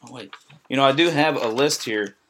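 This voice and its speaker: A man's voice: medium pitch, a little fast. Rambling man with noisy mic. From Indiana, USA. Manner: rambling, restarts often. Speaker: podcast co-host. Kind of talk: casual chat among friends.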